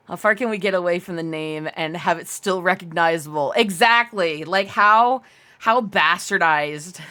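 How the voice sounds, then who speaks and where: A woman's voice: medium pitch, sharp tone. A young adult woman live-streaming, chatting casually with her viewers in a giggly, rambling way and answering chat aloud.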